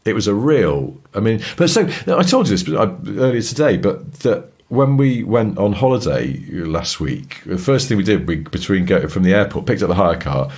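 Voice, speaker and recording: A man from England co-hosting a podcast, chatting casually and telling anecdotes with lively put-on voices. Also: on the low side, normal speed, few pauses, slightly rough. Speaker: podcast co-host. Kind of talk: casual chat.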